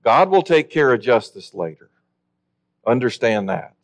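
A man preaching a sermon in an earnest, emphatic way, slowing down to stress key words. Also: mid-range voice, big pitch swings.

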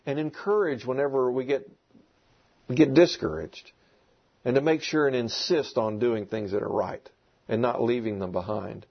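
A man's voice: mid-range voice, vocal fry. A man preaching a sermon to a congregation, emphatic and repeating key words. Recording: dull lo-fi recording.

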